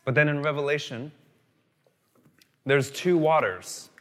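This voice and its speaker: A man's voice: fairly high pitch, measured pace. Man preaching in a reverberant hall. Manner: animated storytelling, swings between loud emphasis and quiet asides. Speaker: pastor. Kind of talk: sermon.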